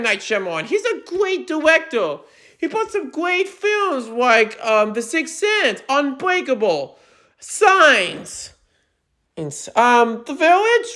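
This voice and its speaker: A young adult woman giving an exasperated movie review rant. She speaks emphatically and often breaks into shouting. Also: high-pitched.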